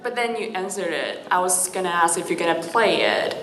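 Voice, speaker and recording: A woman's voice: fairly low pitch, brisk, fairly bright tone, slight background noise. A woman in the audience asking a question in a hesitant, slightly shy way. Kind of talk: casual Q&A at a mic. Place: convention hall. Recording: echoey hall with crowd.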